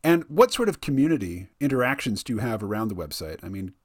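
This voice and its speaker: A man's voice: lowish voice, big pitch swings, quick pace, no echo. Conversational male host, easygoing interviewer, dry close-miked sound. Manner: chatty, with many "you know" fillers and frequent laughs. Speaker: podcast host.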